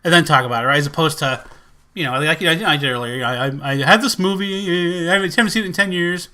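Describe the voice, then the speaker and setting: Man, movie collector vlogger, rambly and excitable, lots of fillers, bright forward voice. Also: on the high side, fast. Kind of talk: casual collection vlog.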